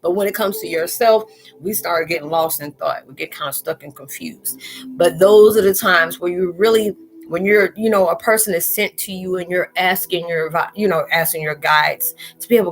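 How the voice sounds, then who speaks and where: A spiritual vlogger chats loosely and directly with her viewers, saying "you know" again and again. Her voice is lowish at a moderate pace, with faint music playing behind her.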